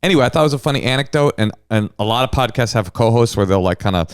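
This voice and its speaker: Lively-pitched man telling funny stories. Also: very fast, smooth, no room sound, studio quality. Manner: animated storyteller, acts out quotes. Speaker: podcast co-host. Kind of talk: casual comedic chat.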